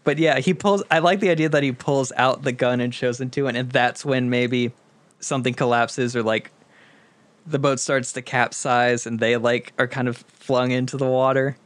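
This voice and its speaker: A young man in casual chat, easygoing and quick to laugh as he pitches story ideas. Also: steady tone, dry recording. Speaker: co-writer.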